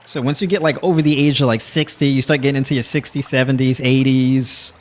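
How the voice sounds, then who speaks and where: Talking fast with fairly even intonation, this medium-pitched man keeps his livestream chat loose, addressing the audience as "y'all." He laughs often and leans on plenty of fillers.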